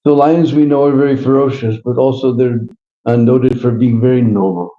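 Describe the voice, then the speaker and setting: A man gives a devotional storytelling talk in a very dark, mellow voice, chatty and full of little chuckles and "hmm?" asides. The sound is roomy, and the live recording is a bit dull. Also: medium pitch, level tone, normal speed. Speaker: devotional speaker.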